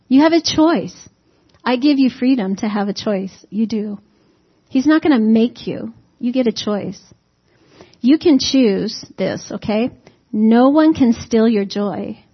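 A woman's voice: a little high, lively intonation, takes it slowly, slightly rough. A woman preaching a sermon in a conversational, folksy way, peppering it with rhetorical questions to the congregation and humorous asides. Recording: dull lo-fi recording.

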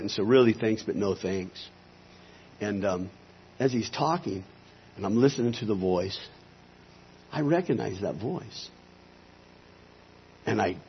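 A man's voice: lowish voice, husky. A man, a pastor, telling a personal testimony, earnestly acting out the voices of the people in his story. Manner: earnest storyteller who acts out quoted voices. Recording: slightly dull lo-fi sound.

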